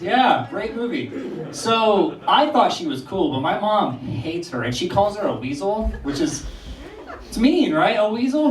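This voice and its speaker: A young man performing a stand-up comedy set on a small theater stage, telling animated stories and firing off incredulous questions. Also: sits high, noisy background. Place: small theater stage before a live audience. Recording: distant roomy mic with crowd laughter.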